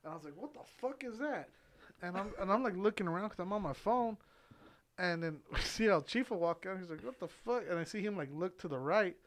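Young guy kinda high voice rambling thru a story, swearing a lot and laughing. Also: fast. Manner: rambling, profane, filler-heavy, laughs often. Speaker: podcast co-host telling a story. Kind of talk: casual storytelling chat.

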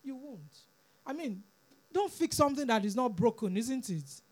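A woman's voice: fairly high pitch, sing-song, moderate pace, a little mellow. A woman preaching a sermon, earnest and pleading, repeating words for emphasis.

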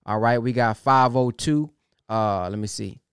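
A middle-aged man hosting a call-in talk show, taking callers with brief, calm acknowledgments. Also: mid-range voice, unhurried, clear, resonant tone, no room sound, studio quality.

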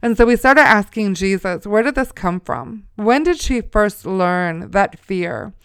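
A woman in her forties tells a family story as a testimony, talking the way she would to a friend while dropping in preacher-like asides. Her voice is exceptionally smooth and resonant. It is recorded close and dry, with no room sound. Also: medium pitch, animated, a little slow, no echo. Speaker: mother sharing a testimony. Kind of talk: spoken testimony.

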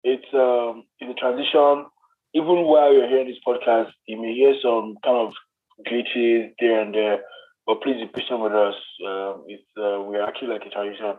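A man joins the podcast remotely, teasing and putting on a mock-grand tone as he chats. His voice is husky and mid-pitched. It comes through a thin, tinny phone line. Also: fairly even intonation, moderate pace. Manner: playful, mock-grand, joking. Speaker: podcast co-host. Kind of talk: casual podcast chat.

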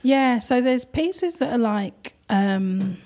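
A woman who runs an art gallery, talking in a thoughtful, hesitant way with many pauses and ums. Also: fairly high pitch, expressive, mellow. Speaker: gallery owner. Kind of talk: casual conversation.

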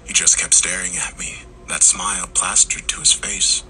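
Low bright-voiced man narrating horror. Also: flat delivery, rough recording. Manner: slow, hushed storytelling, dropping to whispers.

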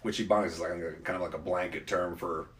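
A man's voice: low voice, fairly even intonation, fast. Man chatting casually in a roomy space. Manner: rambling, opinionated. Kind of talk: casual conversation. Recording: roomy echo.

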